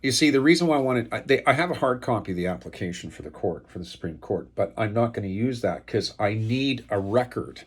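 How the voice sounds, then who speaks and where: Man, husky low voice, aggrieved, rambling monologue, many fillers. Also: expressive, a little fast, few pauses. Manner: turns loud and high-pitched when outraged. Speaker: video blogger airing an estate dispute. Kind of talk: unscripted monologue to camera.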